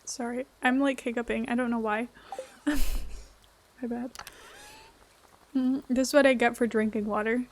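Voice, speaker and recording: A woman with a high voice chats with viewers while she plays a game. She talks slowly and laughs often in an easy, casual way. Faint noise sits under her voice. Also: steady tone. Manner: giggly, chatty, answering chat. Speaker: streamer. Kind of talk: casual gameplay chat.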